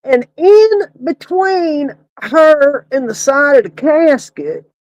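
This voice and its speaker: A woman's voice: high-pitched, lively intonation, slow, darkish tone, no room sound, low-quality recording. A woman casually telling a funeral home story, often breaking into laughter. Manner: laughing, Southern-style folksy storytelling.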